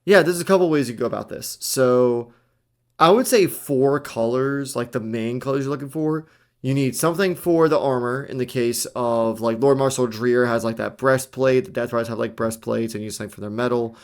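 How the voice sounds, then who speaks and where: An eager young man co-hosts a casual hobby chat, tossing in slang and quick asides as he explains. His voice sits at an ordinary middle pitch for a man. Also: a little mellow. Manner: enthusiastic, chatty, slangy. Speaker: podcast co-host.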